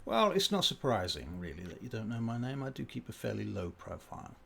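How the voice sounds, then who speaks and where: A man's voice: medium pitch, huge pitch swings, fairly quick, creaky, a bit bright, slight background noise, exaggerated voice. A man voicing a brusque, powerful vampire official in a tabletop game, dry and understated. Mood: curt.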